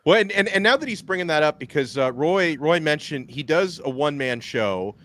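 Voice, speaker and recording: A man's voice: fairly high pitch, lively intonation, a little fast, a bit bright. A man hosting an interview podcast, reacting with enthusiasm and setting up a clip. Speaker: podcast host. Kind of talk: casual interview chat.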